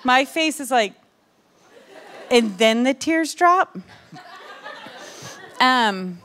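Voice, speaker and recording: A young adult woman giving an emotional, animated testimony sermon to a women's church gathering, with many asides to the crowd. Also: on the high side, drawn-out words, slight background noise.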